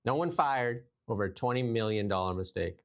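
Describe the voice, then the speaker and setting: A man's voice: lowish voice, animated, fairly quick, a bit bright. A man hosting casual political commentary, reading news items aloud and mocking them sarcastically. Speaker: podcast host.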